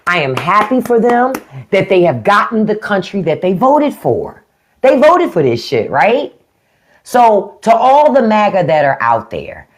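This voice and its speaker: Blunt, mocking livestream host with a lively voice. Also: male voice, high-pitched. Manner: blunt, mocking, profane, talks back to chat comments. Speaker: podcast host on a live stream. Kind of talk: unfiltered political rant to live chat.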